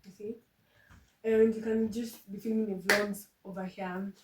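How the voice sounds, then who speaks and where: A young woman with a Kenyan accent vlogging casually in her room, excitable and switching between English and Swahili, a bit congested and coughing from a flu. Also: medium pitch, measured pace. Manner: excitable, mixes English and Swahili, shrieks when thrilled. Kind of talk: casual vlog chat. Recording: distant phone mic with clear background noise.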